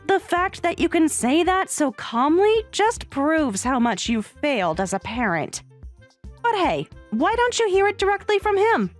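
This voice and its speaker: A woman's voice: very high voice, sing-song, a little slow, soft background music, heavily acted. A woman voicing a young wife who speaks in a dry, cutting way, in a voiced story drama.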